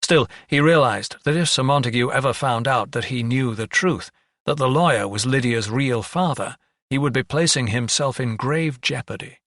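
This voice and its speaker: A man reading an audiobook in a measured storytelling manner. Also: mid-range voice, a bit bright, no room sound, clean studio sound. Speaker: audiobook narrator. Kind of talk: scripted narration.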